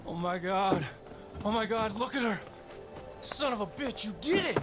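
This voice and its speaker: A profane, excitable pilot in a game cutscene, pitched high and swinging wildly up and down. Loud game music plays behind him. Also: male voice, normal speed. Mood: excited. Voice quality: excitable, swears a lot, shouts. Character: desperate young pilot man, profane.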